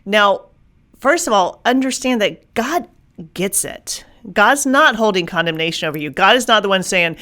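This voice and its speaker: An emphatic, energetic woman hosts a faith-based motivational podcast in her own voice. She sits in an ordinary middle pitch, repeats words when she drives a point home, and voices inner thoughts as she explains them. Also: normal speed. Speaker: podcast host.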